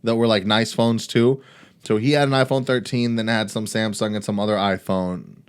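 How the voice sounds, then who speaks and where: A man's voice: lowish voice, fairly even intonation, moderate pace, clean tone. A man co-hosting a podcast, talking casually and building his points with rhetorical questions. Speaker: podcast co-host.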